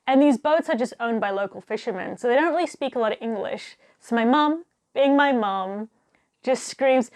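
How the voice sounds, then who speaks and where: A young woman tells a diving story in a bright, lively voice, pitched a little high. She talks casually and animatedly, laughs often and acts out what people said. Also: clean tone. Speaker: diver telling stories.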